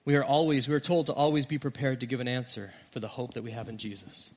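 A man's voice: mid-range voice, fairly even intonation, quick pace. Earnest male pastor preaching. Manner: earnest preaching, rising on emphasis, dropping softly at phrase ends. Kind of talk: sermon.

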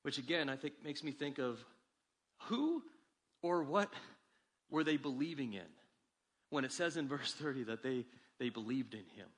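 A man preaching a sermon as pastor, with animated delivery that climbs for emphasis and drops low and quiet. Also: moderate pace, pauses often, slightly rough.

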